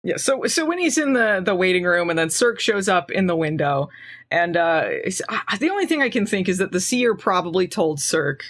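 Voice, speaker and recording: A woman's voice: on the low side, lively intonation, fairly quick. A woman hosting a podcast, casually recapping a TV episode with jokes, acting out lines and laughing often. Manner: laughs often, jokey paraphrasing, acts out quotes. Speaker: podcast host.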